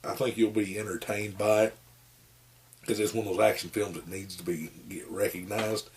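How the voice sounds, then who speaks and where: A man's voice: on the low side, level tone, moderate pace, a little hiss or hum. A man, giving a rambling, folksy movie review with lots of fillers. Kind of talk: casual rambling monologue.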